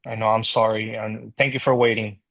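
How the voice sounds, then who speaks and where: A man's voice: fairly low pitch, flat delivery, brisk, creaky, fairly bright tone. An actor playing a father who jokes with his family but urges them to be careful. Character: joking father, cautious head of family.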